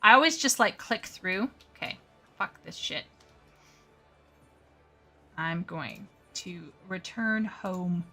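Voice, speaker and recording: Slow-talking bright-voiced woman streamer. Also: fairly low pitch, animated, faint music behind. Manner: chatty, flustered, talks to chat while playing. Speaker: live streamer. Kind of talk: casual gaming livestream chat.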